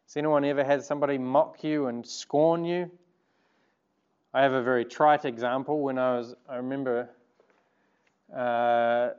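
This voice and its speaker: A man's voice: a little high, a little mellow, clean tone, lo-fi sound. A man preaching a sermon, earnest and conversational, turning to the congregation with asides. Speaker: pastor.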